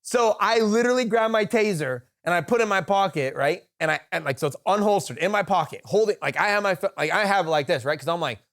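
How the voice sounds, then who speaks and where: Podcast co-host, a man with a high-pitched voice, swears freely and acts out the dialogue as he tells the story. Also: fast, hardly any pauses. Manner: profane, animated anecdote with quoted dialogue. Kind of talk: casual storytelling.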